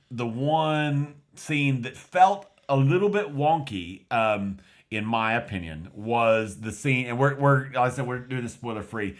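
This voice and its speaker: A man's voice: lowish voice, a bit bright. A man from West Texas with a light West Texas accent, co-hosting a casual film review and rambling through his thoughts with many restarts. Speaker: podcast co-host.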